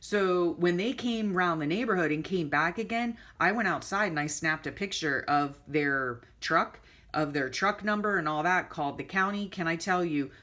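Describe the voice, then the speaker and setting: A middle-aged woman chatting at home as she pages through her journal. She rambles casually, drifts into side stories, and gets animated when a story heats up. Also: low-pitched. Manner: animated storytelling, many fillers and asides. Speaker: journal flip-through vlogger.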